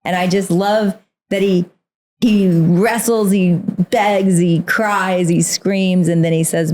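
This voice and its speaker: A woman's voice: on the low side, fairly even intonation, slow pace, a little mellow. A woman guest on a faith podcast, talking earnestly and reading scripture aloud with feeling. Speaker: guest author. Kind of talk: casual faith conversation.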